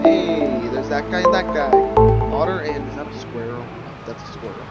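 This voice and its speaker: A man's voice: on the high side, lively intonation, normal speed, lo-fi sound. A man playing a visual novel, reading the narration aloud and dropping wry, joking asides. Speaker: video game player. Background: loud game music.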